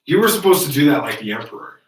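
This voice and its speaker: A man's voice: mid-range voice, big pitch swings, very fast. Teasing man on a far, echoey mic. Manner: teasing, bossy, hurrying the others along. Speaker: podcast host. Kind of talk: casual chat before a podcast recording. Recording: echoey room, mic far off, faint noise.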